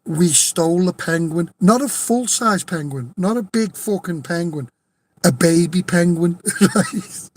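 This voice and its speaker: A man with a Liverpool accent telling a rowdy anecdote in casual chat, swearing freely, laughing often and insisting it is true. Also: high-pitched. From Liverpool, England. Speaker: storyteller.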